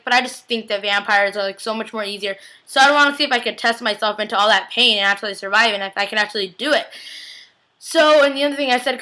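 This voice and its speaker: Speaking at a fairly high pitch, this young woman runs through what happened in a TV episode. The tone is casual and eager, sprinkled with "like" and dramatized reactions.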